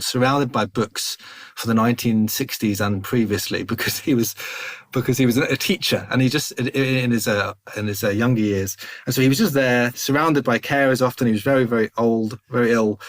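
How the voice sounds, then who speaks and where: Thirties male guest, lively anecdotal storyteller, average pitch, chuckles often. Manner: animated, self-interrupting, chuckles through anecdotes. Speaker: podcast guest. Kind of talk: conversational storytelling.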